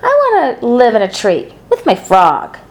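A woman voicing a rowdy, mischievous young boy in a storybook reading, with a yelling, boisterous manner. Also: on the high side, wildly swooping pitch, unhurried, voice pushed up, full character voice. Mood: excited.

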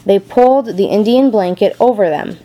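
A woman narrates a storybook aloud in a calm, measured way. Her voice is warm and mellow, neither high nor low. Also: rough recording.

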